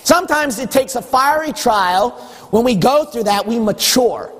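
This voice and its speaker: A man's voice: extremely high pitch, expressive, moderate pace, a bit bright, long reverb tail. A male pastor preaching a sermon, building emphasis and teasing his congregation along the way.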